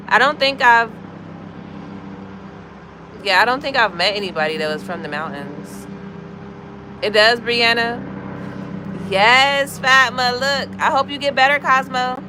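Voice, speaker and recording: Against a noisy background, a livestream host speaks in a voice on the high side. She is an American woman in her thirties who chats casually with her audience, moving from comment to comment and saying hello to people by name.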